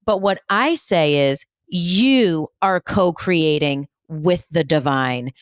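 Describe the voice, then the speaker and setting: Her deep voice is expressive and slow as this podcast host, a spiritual medium, drives home a repetitive motivational message. Blunt cursing and jokes run through it, and there's no room sound in the studio-quality recording.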